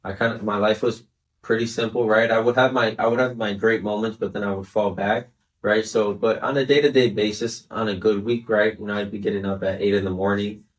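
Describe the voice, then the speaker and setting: Lower-voiced young man, earnest and chatty. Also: fairly even intonation, fairly quick, recorded from a distance. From Chicago area, United States. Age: 20s. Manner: earnest, fills speech with "right?" and "you know". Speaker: interview guest. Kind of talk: casual podcast interview.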